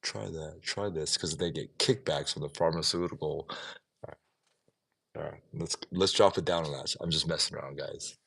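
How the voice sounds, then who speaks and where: A man's voice: rumbling low, fairly even intonation, moderate pace, vocal fry, fairly bright tone, husky. A man ranting in an opinionated, casual way on a livestream, swearing now and then. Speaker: livestream vlogger.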